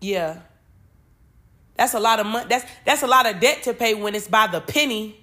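A woman's voice: on the high side, normal speed, bright, forceful tone. A woman, reading Bible verses and talking emotionally and informally, swearing freely, on her spiritual podcast.

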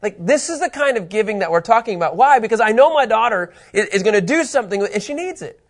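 A middle-aged man giving a casual Bible teaching, animated and quick to laugh, rambling with fillers. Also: high voice.

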